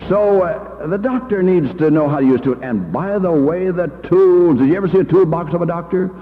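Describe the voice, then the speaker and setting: A man's voice: sits high, fairly quick. An older man and church education leader giving a folksy, anecdotal talk full of homespun stories and fillers, heard on an old reel-to-reel recording. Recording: tinny old reel-to-reel in a hall.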